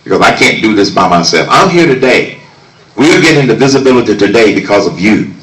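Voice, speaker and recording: A political candidate speaking at an outdoor campaign rally, emphatic and rousing, shouting his key lines. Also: fairly low pitch, very animated, fairly quick. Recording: echoey, distant mic, crowd noise. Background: crowd ambience.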